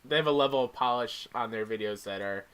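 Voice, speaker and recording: A man's voice: medium pitch, fast talker, a bit bright, smooth. Easygoing man co-hosting a podcast. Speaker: podcast co-host. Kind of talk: casual podcast chat.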